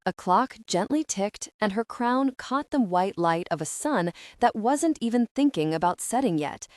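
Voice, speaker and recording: A woman narrating a fantasy audiobook in a calm, even storytelling manner, close to the mic. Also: medium pitch, measured pace, no echo.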